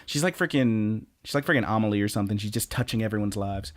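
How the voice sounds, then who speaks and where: A man's voice: fairly low pitch, fast talker. A young man co-hosting a podcast, recapping episodes in casual, profane chat with lots of fillers. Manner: profane, rambling with many fillers. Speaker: podcast co-host.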